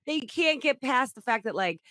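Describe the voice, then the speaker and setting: A woman's voice: high-pitched, lively intonation, normal speed, sharp tone, no room sound, clean studio sound. A woman comedian hosting a casual podcast chat, rambling through tangents and laughing often.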